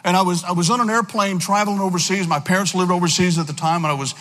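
A man's voice: high-pitched, steady tone, fairly bright tone. Earnest man telling his testimony. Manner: earnest storytelling with halting restarts. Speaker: speaker giving testimony. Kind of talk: sermon testimony. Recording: long hall reverb.

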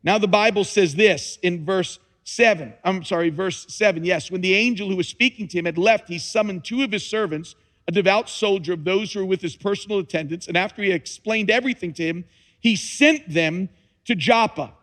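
A man's voice: sits high, fairly quick, a bit bright. A man preaching a sermon, reading scripture dramatically with emphatic repetition and touches of humor. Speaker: pastor. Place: church sanctuary. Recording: long reverb of a large hall.

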